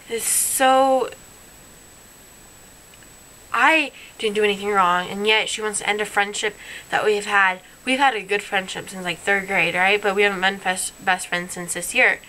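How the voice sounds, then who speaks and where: A woman's voice: medium pitch, fairly even intonation, slow pace, pauses often, sharp tone, poor audio. A young woman telling a story about a falling-out with her best friend in a personal vlog, earnest and rambling, sounding hurt. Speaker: vlogger.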